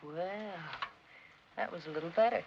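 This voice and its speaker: An actress playing a teasing, forward American army lieutenant in a 1940s screwball film comedy. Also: female voice, on the low side, normal speed, vocal fry. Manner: coaxing, playful. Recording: dull, hissy 1940s film soundtrack.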